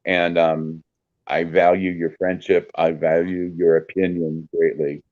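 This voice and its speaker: A man guest speaking earnestly and warmly about his holiday plans, halting with fillers. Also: low voice, flat delivery, dry recording, highs cut off. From Peoria, Illinois area. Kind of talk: casual chat.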